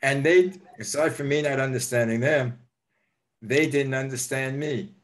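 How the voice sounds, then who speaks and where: Older male host, rambling and halting. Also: medium pitch. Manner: rambling storyteller with many restarts and fillers. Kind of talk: casual interview chat.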